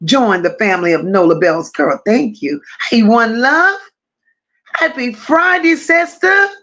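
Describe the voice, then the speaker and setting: Her voice is a little high, animated and a bit bright, at a measured pace. Hosting a laid-back livestream, she affectionately welcomes each viewer individually and reads what they comment.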